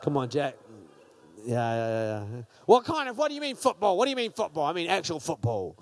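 A man speaking to a crowd, playful and energetic as he polls the audience with quick questions. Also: fairly high pitch. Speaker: speaker at a church gathering. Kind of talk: lively talk to a crowd.

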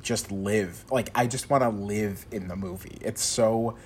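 A man hosting a casual film chat, animated, laughing often and acting out quotes. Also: on the low side, a little slow, slight background noise.

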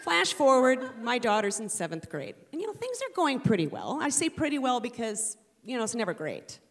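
A woman's voice: on the high side, big pitch swings, moderate pace, crowd noise, noisy background. A middle-aged woman and mother telling a humorous personal story to an audience, with a playful, punchy delivery.

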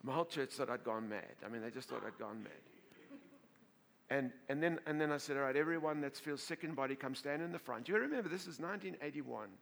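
Delivering a sermon to his congregation, a male pastor tells an animated story, laughing frequently and often repeating or restarting his words. He talks fast at a medium pitch, with audible vocal fry.

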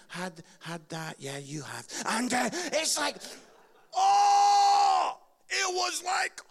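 Gravelly high-voiced preacher. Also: male voice. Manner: lively, dramatic, swings between loud and hushed. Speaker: pastor. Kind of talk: animated storytelling.

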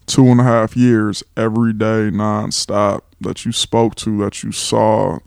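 Young dude from LA, candid casual chat, kinda gravelly, dry close mic. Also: male voice, lowish voice, level tone, unhurried, a little mellow, dry recording. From California, Los Angeles. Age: 20s. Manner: candid, reflective, laughs readily. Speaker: guest co-host.

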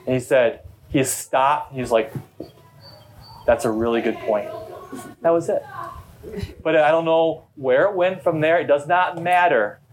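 At a normal speed and with a slightly high voice, a middle-aged pastor delivers a chatty, story-driven sermon during a church service, talking freely like a conversational storyteller. A bit of hiss or hum can be heard.

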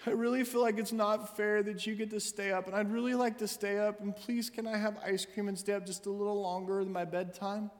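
A whiny little girl begs and complains in a high, pleading voice, as a man puts her on. Her voice carries a long echo around a big hall. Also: little pitch movement, fairly quick, few pauses, close to an everyday voice. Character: whining little girl begging for a treat.

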